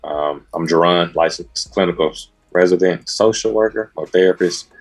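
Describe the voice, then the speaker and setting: A man from Mississippi, a therapist co-hosting a podcast, calmly signing off with encouragement. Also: sits low, normal speed. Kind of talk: casual sign-off.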